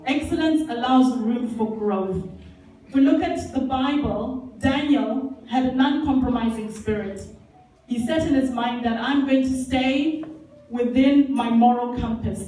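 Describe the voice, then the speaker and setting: Earnest woman speaker in a booming hall. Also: dark tone, a little hiss or hum. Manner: earnest and emphatic, repeats key phrases. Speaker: conference speaker. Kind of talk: motivational talk with Bible examples. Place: large indoor leisure centre hall. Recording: echoey hall from far off, faint music.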